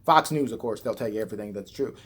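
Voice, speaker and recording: A man's voice: on the low side, fast, fairly bright tone, slightly rough. A man ranting on his vlog in a rambling, sarcastic and profane way. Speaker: vlogger. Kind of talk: rambling satirical rant.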